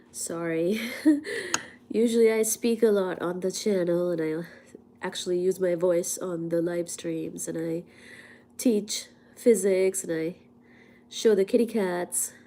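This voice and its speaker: A woman from India hosts a casual livestream from her home. She is hoarse from a cold, speaks softly, often slips into a whisper, and coughs now and then. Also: lowish voice, steady tone, unhurried, a little hiss or hum. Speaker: livestream host and physics teacher. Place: at home, indoors.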